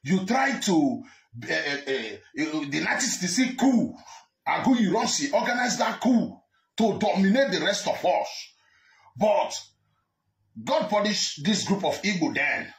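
Fiery man, high lively voice. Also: a little slow. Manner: fiery, repetitive, shouts at times. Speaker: commentator. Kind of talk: heated opinion monologue. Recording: roomy echo.

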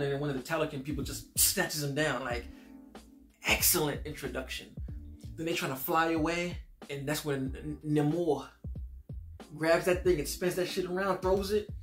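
A man giving a casual, enthusiastic spoken film review, slangy and full of restarts. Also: a little high.

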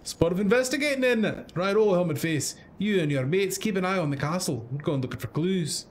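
A man's voice: high voice, expressive, fairly quick, a little hiss or hum, pitched above the performer's own voice. A man putting on a cheeky fairy sidekick. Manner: slangy, bantering, rising tag questions. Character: chatty small male fairy sidekick, cheeky.

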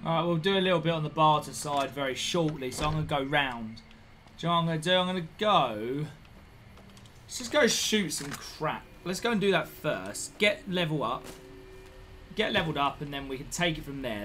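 A man's voice: fairly high pitch, lively intonation, moderate pace, fairly bright tone, faint music behind. A man chatting casually with viewers while live-streaming a video game, rambling and repeating himself. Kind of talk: live-stream gameplay chat.

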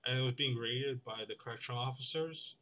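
Rambling young man, bright lo-fi voice. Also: mid-range voice, a little fast. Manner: meandering, full of fillers and restarts, deadpan. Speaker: vlogger. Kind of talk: rambling monologue.

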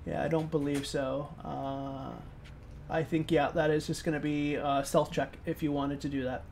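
A man's voice: on the high side, flat delivery, moderate pace, vocal fry, darkish tone. A man running a tabletop role-playing game as game master, describing scenes in a rambling way with many fillers. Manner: rambling, many ums and likes.

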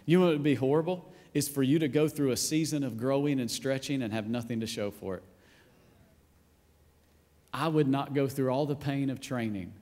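A male pastor preaching a sermon in a church in a casual, playful way, acting out quotes and sometimes shouting. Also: mid-range voice. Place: church auditorium. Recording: long hall reverb.

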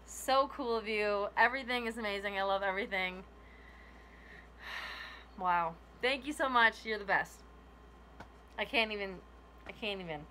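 A woman's voice: mid-range voice, unhurried, pauses often, pushed and bright, slight background noise. A woman in a casual unboxing vlog, gushing over gifts with lots of laughs and gasps. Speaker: YouTuber opening a gift box.

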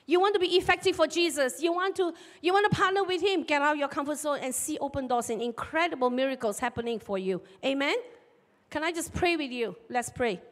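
Woman pastor, high voice, long church reverb, animated storytelling sermon. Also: a little fast. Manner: animated storyteller, acts out shouted market dialogue. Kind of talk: sermon with personal stories. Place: church sanctuary.

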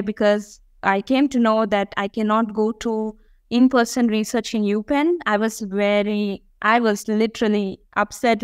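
A woman's voice: fairly high pitch, clear, resonant tone, no echo. A woman guest in a conversational interview, speaking earnestly and reflectively, with frequent fillers. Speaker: guest, dental school applicant.

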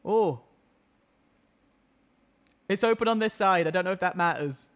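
A man's voice: high voice, expressive, a little slow, fairly bright tone. A young man from northern England with a Yorkshire accent, chatting casually while gaming live, joking and self-deprecating with lots of restarts. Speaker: streamer.

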